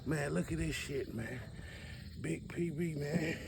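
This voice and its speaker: A hyped-up man shouting over a fishing catch, his voice gravelly and higher than most. He is heard from some way off the mic, outdoors with loud background noise. He hammers short phrases over and over. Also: slow pace, far from the mic. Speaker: angler filming his catch. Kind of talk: excited outdoor fishing commentary. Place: outdoors on the water while fishing. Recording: noisy outdoor audio, mic away from the speaker.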